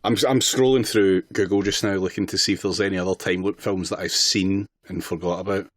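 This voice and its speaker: A man's voice: low voice, fairly even intonation, fairly quick, dry recording. A man co-hosting a podcast in casual chat, making dry, laconic remarks. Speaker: podcast co-host.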